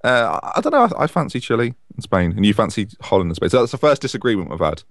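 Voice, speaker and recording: An enthusiastic man co-hosting a casual football podcast. He rambles and corrects himself at a quick clip with a lively, swinging pitch. The recording is dry and close. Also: no echo. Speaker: podcast co-host.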